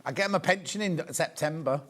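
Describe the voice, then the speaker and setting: A man's voice: fairly high pitch, a little fast, a bit bright. A man in his sixties presenting a live shopping show, chatting and bantering with viewers while he shows products. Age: 60s.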